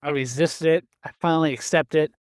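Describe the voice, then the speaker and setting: A man's voice: a little high, steady tone, brisk, clear, resonant tone, no echo. A man as a podcast guest, telling easygoing stories with dry humor. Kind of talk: casual podcast banter.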